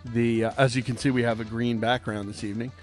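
A man's voice: medium pitch, little pitch movement, quick pace, soft background music. A man hosting a podcast, chatting casually in a rambling, joking way with plenty of fillers. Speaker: podcast host. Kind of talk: casual chat.

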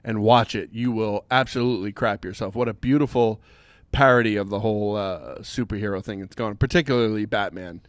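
A man's voice: on the low side, brisk, no echo. Rambling, joking podcast host man. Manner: rambling, joking, many fillers. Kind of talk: casual chat.

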